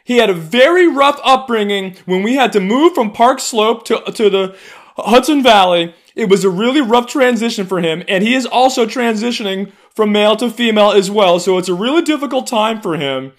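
A man putting on a fussy, whiny rich liberal dog owner in a shrill, affected falsetto. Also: animated, normal speed. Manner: fretful, precious complaining. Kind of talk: comic impression in a monologue.

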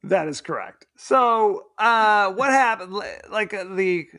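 A man co-hosting a podcast, rambling and joking in casual movie chat, quick to laugh. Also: high-pitched, expressive, sharp tone, no echo, clean studio sound. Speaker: podcast co-host.

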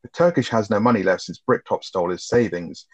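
This film podcast co-host has a lowish, darkish voice and speaks fairly quickly. He's relaxed, cursing without restraint as he summarizes the story in casual conversation. Audio quality is dull and lo-fi.

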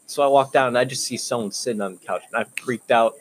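Young guy, mid pitched, just kinda chill n matter of fact. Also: fast talker, poor audio. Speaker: co-host. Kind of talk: casual chat.

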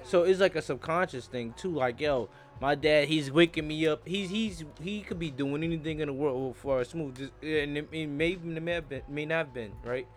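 A man in casual podcast chat, telling slangy, profane stories in an animated way. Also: a little high, moderate pace, few pauses.

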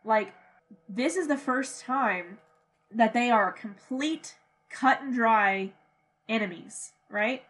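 A young woman co-hosting a podcast in casual chat, animated, laughing often and swearing freely. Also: on the high side, slow, breathy edge. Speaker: podcast co-host.

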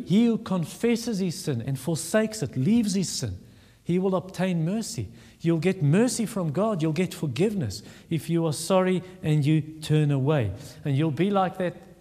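A man delivers a sermon, earnest and emphatic, hammering points home by repeating words. His voice sits on the higher side for a man. The sound rings with the long reverb of a large church hall. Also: warm tone. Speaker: pastor.

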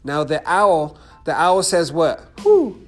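A man with a fairly high voice gives an instructional talk on persuasion and sales. He repeats himself and often asks "okay?" or "right?" to keep listeners with him. Soft music plays faintly behind him. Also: moderate pace. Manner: repetitive, checks in with "okay?" and "right?".

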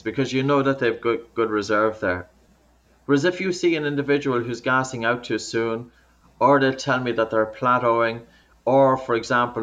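A man's voice: medium pitch, fairly bright tone. A man working as a breathing coach, patiently explaining in an interview over a remote call, often restarting his sentences. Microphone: remote call audio.

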